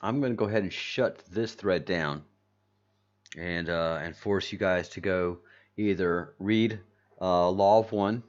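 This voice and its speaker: A man with a very deep voice hosts a loose livestream, reading viewer comments aloud and circling back on his own sentences. The audio is dull and lo-fi, like a basic home stream setup. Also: a little slow. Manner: rambling, repeats and restarts, reads chat aloud. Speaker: channel host. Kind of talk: casual livestream chat with viewers.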